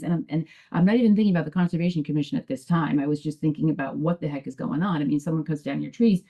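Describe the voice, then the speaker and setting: A woman's voice: sits low, fairly even intonation, a little fast, mellow. A woman addressing a town commission as a resident, telling her story in a hesitant, rambling way with many restarts. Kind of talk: public testimony at a town meeting. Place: town meeting room. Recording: dull lo-fi public access broadcast.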